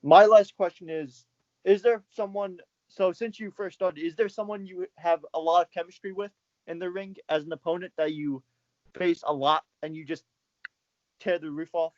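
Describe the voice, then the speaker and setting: Relaxed host asking a guest questions, voice a bit high, dull dry lo-fi audio. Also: male voice, normal speed, no echo. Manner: laid-back, slangy. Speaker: podcast host. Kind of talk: casual interview questions.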